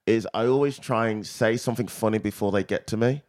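A man's voice: lowish voice, brisk, a little mellow. A man hosting a casual podcast chat, talking in loose, stumbling restarts. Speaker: podcast host. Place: Edinburgh.

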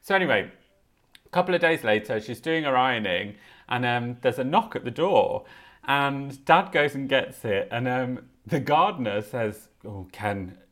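A man's voice: medium pitch, lively intonation, normal speed, fairly bright tone. A man co-hosting a casual chat, telling a funny anecdote and laughing often. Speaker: podcast co-host.

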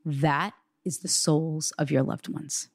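A woman's voice: sits low, steady tone, slow, creaky, slightly rough, no echo. Earnest woman medium, dry sound. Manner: earnest, reassuring, relays quotes in a raised voice. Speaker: psychic medium. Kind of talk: conversational reading.

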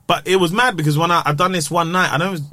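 British comic guy spinning yarns, slangy and animated, bright crisp voice, dry sound. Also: on the high side, quick pace, dry recording. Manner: slangy, animated, acts out quotes. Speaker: comedian guest. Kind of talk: casual podcast chat, storytelling.

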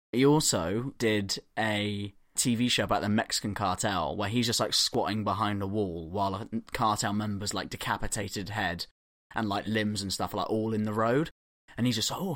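A man's voice: lowish voice, fairly bright tone, no room sound, clean studio sound. A man in his thirties chatting casually on a podcast, rambling through stories with plenty of swearing. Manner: rambling, laughing, swearing storyteller. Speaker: podcast co-host. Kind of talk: casual chat.

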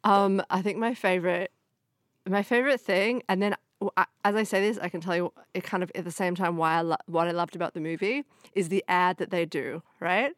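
Low-voiced woman chatting about films. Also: fairly quick, dry recording, studio quality. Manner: animated, laughs often, acts out quotes. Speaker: podcast co-host. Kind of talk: casual film chat.

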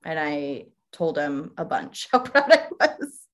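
A woman's voice: deep voice, big pitch swings. A woman hosting a podcast, chatting casually and telling stories with frequent laughs. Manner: warm storyteller, unhurried, laughs often. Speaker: podcast host. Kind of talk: casual chat.

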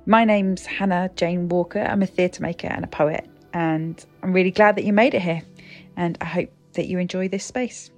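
A woman who hosts a podcast, speaking as a poet and theatre maker in measured spoken-word narration that lingers on words and drops softly in volume. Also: fairly low pitch, soft background music.

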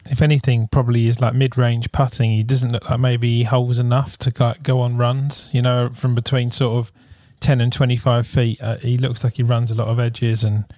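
A man's voice: mid-range voice, flat delivery, moderate pace, few pauses, dark tone, no echo, studio quality. A man co-hosting a golf podcast, thinking aloud with lots of likes and fillers. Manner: loose, filler-heavy, musing. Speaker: podcast co-host. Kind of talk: casual golf podcast chat.

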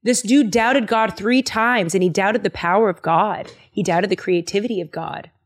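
A woman hosting a podcast, retelling Bible stories in an animated, slangy, conversational way. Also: mid-range voice, normal speed. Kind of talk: casual chat.

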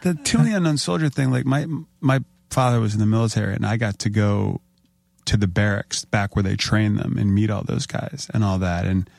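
Low-voiced man chatting loosely. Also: a little fast, gravelly, a little mellow, no room sound. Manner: loose, swears, personal asides. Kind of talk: casual chat.

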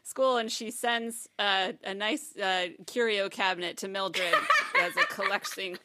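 A woman podcast host narrating an improvised comic ghost story, animated and full of laughter. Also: mid-range voice, a little slow, very noisy.

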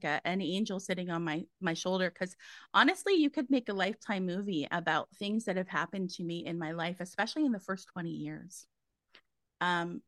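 A woman's voice: fairly low pitch, a bit bright, no room sound. A woman, a guest medium telling her story in a casual interview, chatty and full of fillers. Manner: chatty, many fillers and restarts.

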